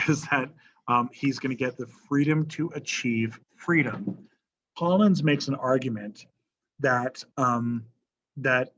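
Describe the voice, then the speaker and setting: A man's voice: mid-range voice, dull audio. A man teaching a history lesson to students in a casual classroom manner, often checking in with the class. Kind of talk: classroom lecture.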